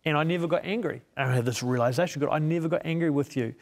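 A man with a gravelly, creaky voice tells a heartfelt personal story as a guest, voicing his own thoughts as he goes. His voice rings with a long hall-like reverb. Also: fairly high pitch, racing. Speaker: guest, media missionary. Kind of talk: personal testimony in a sit-down interview.

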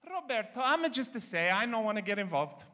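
A woman's voice: fairly high pitch, sing-song, a little fast, big-room sound, noisy background, voice pushed up. A man voicing his older Italian immigrant mother, sing-song and backhanded, with an Italian accent and broken English. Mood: sly.

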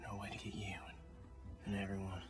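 A man's voice: low-pitched, completely flat delivery, quick pace, natural voice. A man playing a weary young man. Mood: urgent. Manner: hushed, urgent and hesitant. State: exhausted from no sleep. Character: weary young man sneaking in to help captives. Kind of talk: video game voice acting. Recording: game audio with music behind.

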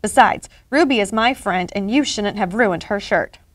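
A woman voicing a calm, principled schoolboy who speaks clearly and firmly, while reading a storybook aloud. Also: medium pitch, moderate pace, no echo, studio quality, close to an everyday voice. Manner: clear and firm.

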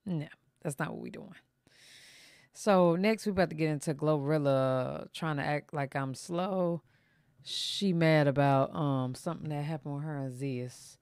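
A woman's voice: sits low, a little mellow, smooth, no room sound. A woman hosts a gossip show. She talks loosely and sassily, drawing out her asides. The sound is dry and close. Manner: sassy, drawn-out asides. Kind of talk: casual commentary.

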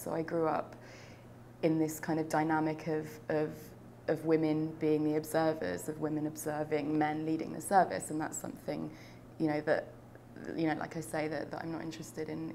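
A woman's voice: low-pitched, a little mellow, slight background noise. A young woman from London, talking reflectively in an oral history interview, with frequent fillers and restarts. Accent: London English. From United Kingdom.

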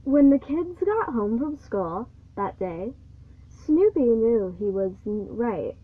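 Brief: slow, high-ish female reader, picture book read-aloud, tinny phone-like audio. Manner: halting, stumbles and restarts words.

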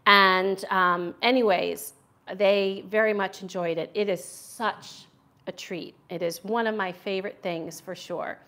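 This cooking channel host speaks at a measured pace in a steady, mid-range voice with a sharp tone. The middle-aged American woman chops in her home kitchen during a casual livestream, chatting and replying to viewer comments.

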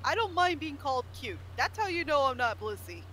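Animated, joking woman host, high and swooping, noisy home mic. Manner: animated and giggly, quick to joke. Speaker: stream host. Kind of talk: casual group chat on a stream. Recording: noisy background.

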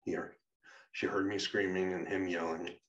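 A man reads his own memoir aloud in a plain, steady, earnest way. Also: deep voice, unhurried, a little hiss or hum. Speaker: narrator. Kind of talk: reading a personal memoir aloud. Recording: muffled, distant mic.

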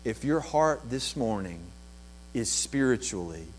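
A man preaching a sermon as pastor, building to impassioned, rising passages and then dropping to quiet, slow reflection. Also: lively intonation, slight background noise, low-quality recording. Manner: impassioned preaching with swells of volume and pitch.

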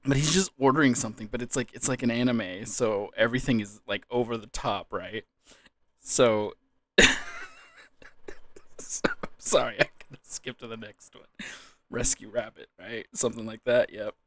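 A man's voice: mid-range voice, normal speed, dry recording. A man commentating a quiz casually, giggling helplessly and fighting back tears of laughter. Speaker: gaming YouTuber.

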